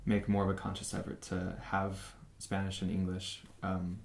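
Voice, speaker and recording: A young man from San Francisco speaks in a fairly low voice as an interview guest. He talks casually and haltingly, filling gaps and restarting his sentences. The room around him sounds echoey. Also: completely flat delivery, gravelly, a little mellow. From San Francisco, USA. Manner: halting, many fillers and restarts.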